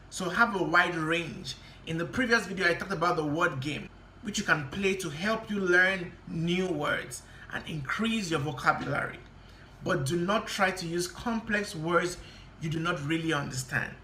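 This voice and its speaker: A tutor giving a spoken lesson with a bright, forward tone, pressing on key words and moving through the advice one point at a time. The voice rings in a roomy, echoey space with a faint hum of background noise. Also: mid-range voice. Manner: deliberate, stresses key words, gives step-by-step tips. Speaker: exam-prep tutor. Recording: roomy echo.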